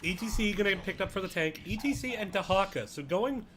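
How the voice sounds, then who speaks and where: A man talks through an esports draft on a live stream in a bright, forceful voice that sits a little high. He is casual and crude, throwing in jokes as he goes, and a faint hum of ambience hangs behind him. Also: lively intonation, a little fast. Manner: casual, crude, joking asides while eating on stream. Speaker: esports caster. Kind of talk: solo esports draft commentary.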